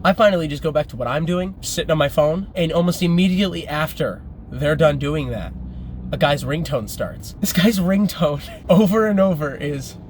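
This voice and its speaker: A chatty man recounts a story in casual vlog style, breaking into laughs as he talks. His voice sits a touch high, recorded in a car with a faint background hum. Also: normal speed. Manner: chatty, laughs while telling. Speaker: vlogger.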